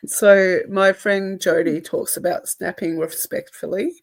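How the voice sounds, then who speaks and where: A woman co-hosting a podcast in casual chat, talking in a reflective, measured way with soft laughs. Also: medium pitch, steady tone. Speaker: podcast co-host.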